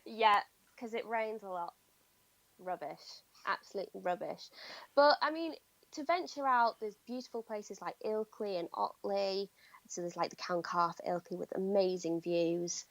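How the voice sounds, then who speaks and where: A woman guests on a podcast and talks with lively enthusiasm. Her voice sits in a middle pitch and sounds dry and close, with little room sound around it. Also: measured pace, dry recording. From Yorkshire, England. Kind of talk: casual chat.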